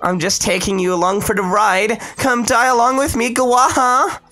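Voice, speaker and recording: A man voicing a brash, rage-filled young female knight, snarling and cursing in a high strained voice. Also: fairly even intonation, moderate pace, bright, forceful tone. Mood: manic. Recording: faint game music behind.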